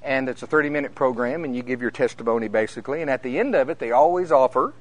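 Preaching to a congregation, a middle-aged man speaks in a mid-range voice at a quick pace. He acts out voices of the people in his stories, telling them with animation and frequent laughter.

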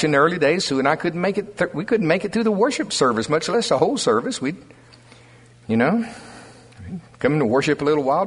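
Folksy older preacher in an echoing hall. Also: male voice, on the high side. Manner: folksy, animated storytelling preacher. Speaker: pastor. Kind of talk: sermon. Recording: husky voice with long hall reverb.

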